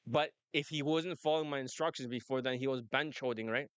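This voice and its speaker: A man's voice: mid-range voice, brisk, a bit bright, clean tone, dry recording. A man working as a dating coach, talking in a brash, rambling way and laughing often. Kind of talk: casual monologue and phone chat.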